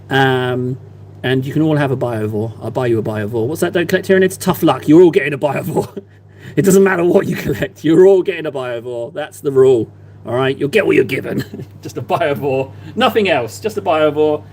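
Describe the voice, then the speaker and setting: A man's voice: on the high side, slight background noise. A man chatting casually on a live stream while he paints models, playful and teasing with his viewers. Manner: playful, teasing, mock-innocent banter with chat. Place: at a desk, painting.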